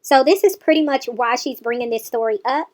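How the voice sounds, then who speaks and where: A woman's voice: sits high, a little fast, darkish tone. A woman hosting a reaction channel, giving pointed, sarcastic commentary on a clip.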